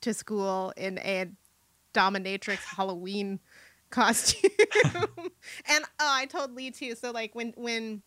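A woman talks casually through a movie she watched. Her voice is bright and clear, and she laughs often and restarts her sentences. The sound is dry and close, with no room around it. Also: medium pitch, level tone, takes it slowly, no room sound. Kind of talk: casual chat about a movie.

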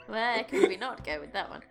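A chatty woman plays a tabletop game, and her somewhat high voice swoops up and down animatedly. Faint music runs underneath. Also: gravelly. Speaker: player. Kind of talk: tabletop game play, casual banter.

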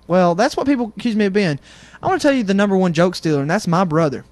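A man's voice: high voice, lively intonation, a little fast, darkish tone, no echo. Rambling man on radio. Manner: rambling, self-deprecating storyteller. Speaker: radio show co-host. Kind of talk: casual comedic radio banter.

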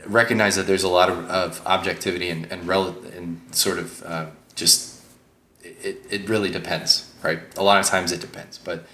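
A man's voice: deep voice, fairly even intonation, moderate pace, pushed and bright, reverberant. A man hosting a casual podcast discussion, rambling along with many fillers. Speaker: podcast host.

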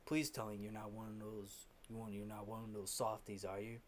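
A man voicing a harsh, taunting male music teacher who mocks a student in a hushed voice. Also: lowish voice, flat delivery, brisk, slight background noise, pitched below the performer's own voice, lightly acted. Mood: mocking, hushed. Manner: mocking, then bursting into yelling.

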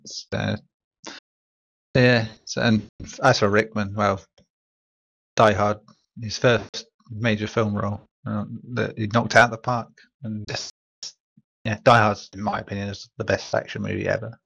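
Gravelly, husky man on a dull mic. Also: on the low side, level tone, unhurried, long pauses, a bit bright, no echo. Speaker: podcast co-host. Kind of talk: casual podcast chat.

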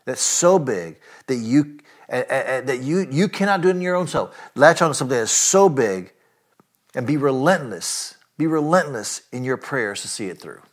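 A man preaching a sermon, earnest and emphatic, often asking his listeners direct questions and filling pauses with "uh" and "you know". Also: medium pitch, expressive. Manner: earnest preaching with rising emphatic lines and frequent fillers. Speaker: pastor.

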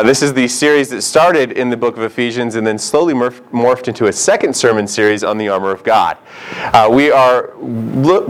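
A man's voice: medium pitch, rough recording. A man, a pastor, preaching a sermon in an emphatic way and acting out quotes.

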